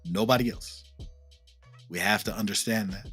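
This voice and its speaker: A man's voice: fairly low pitch, normal speed, fairly bright tone, husky, faint music behind. A man giving a casual devotional teaching as a minister, talking in a conversational, slangy way, often asking "right?" and repeating his points for emphasis. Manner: tells stories with emphatic repetition.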